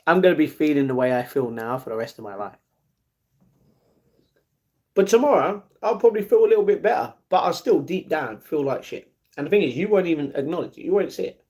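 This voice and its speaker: A man's voice: a little high, sing-song, brisk, mellow. A man, livestreaming and answering chat in a downcast, blunt way. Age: 40s. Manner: downcast, blunt, reads chat messages aloud and answers them.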